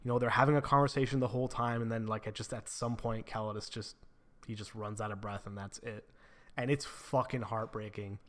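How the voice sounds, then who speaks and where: A man's voice: on the low side, steady tone, brisk. A man giving a casual spoken book review, retelling the plot with frequent swearing and lots of filler words.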